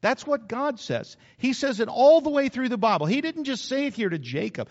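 High-voiced pastor preaching. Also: male voice, expressive, moderate pace, few pauses, long reverb tail, lo-fi sound. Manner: repetitive, emphatic, conversational preaching. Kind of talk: sermon. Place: church.

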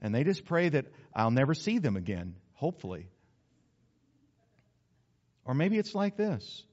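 A man's voice: mid-range voice, big pitch swings, moderate pace, long pauses, a little mellow, muffled recording. A man preaching a sermon, folksy and conversational, slipping into acted asides. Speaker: pastor.

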